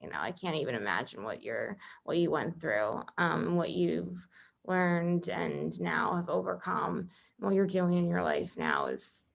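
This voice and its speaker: A woman interviewer who speaks softly and hesitantly, with many fillers. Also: on the low side, sing-song, a little slow, gravelly. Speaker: interviewer, host. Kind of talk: casual conversational interview.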